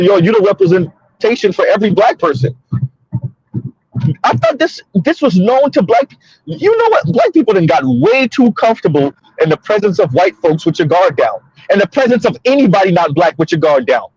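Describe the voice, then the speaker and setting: Man, commentary host, emphatic, repetitive, husky, high voice, lo-fi car recording. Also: darkish tone, no echo. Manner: emphatic, repetitive, addresses listeners as y'all. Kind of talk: casual commentary monologue. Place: in a car on the road.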